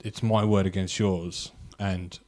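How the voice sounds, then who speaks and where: A man's voice: deep voice, flat delivery, takes it slowly, a little mellow. A young man co-hosting a casual podcast chat, rambling and thinking aloud with lots of fillers. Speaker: podcast co-host.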